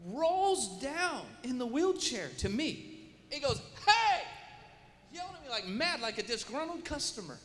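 A man preaching a sermon as a story, animated, dropping to quiet asides and rising to loud shouted prayer. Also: very high-pitched, moderate pace. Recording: long hall reverb, faint ambience.

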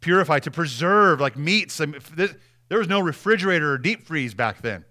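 A man's voice: fairly high pitch, lively intonation, fairly quick, bright, forceful tone. A man preaching a sermon, emphatic and direct, repeating key phrases and speaking straight to the congregation.

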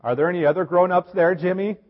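A man's voice: sits high, fairly even intonation, quick pace, phone-quality sound, pitched above the performer's own voice. A man doing a pushy male telemarketer. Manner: insistent questioning. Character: persistent adult male telemarketer.

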